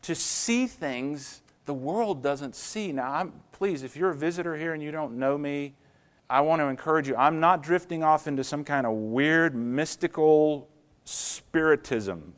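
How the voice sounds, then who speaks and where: A man preaching a sermon as a pastor, earnest and storytelling, slowing down and speeding up for emphasis. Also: fairly high pitch. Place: church.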